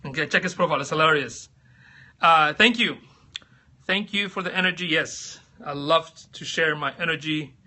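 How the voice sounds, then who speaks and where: A man's voice: on the high side, moderate pace, bright, forceful tone. A man hosting a casual livestream, chatting with viewers by name and laughing often. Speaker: livestream host.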